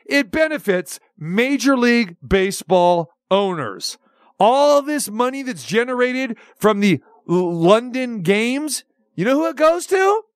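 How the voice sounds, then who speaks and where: A man hosting a sports radio show, ranting with sarcastic mock questions in an animated, opinionated way. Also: high voice, dry recording, clean studio sound.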